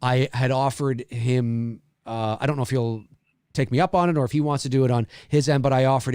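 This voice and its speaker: A man's voice: medium pitch, fairly even intonation, brisk, darkish tone, smooth, no echo, studio quality. A middle-aged man from Canada co-hosting a live commentary show, talking in a rambling way full of restarts. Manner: rambling, restarts with "you know". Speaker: podcast co-host.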